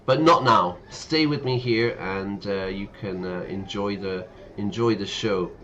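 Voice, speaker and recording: A man's voice: on the low side, unhurried, sharp tone, muffled recording. A man, an English teacher streaming a game, chatting casually, explaining slang words and laughing often. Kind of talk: casual explanation while playing.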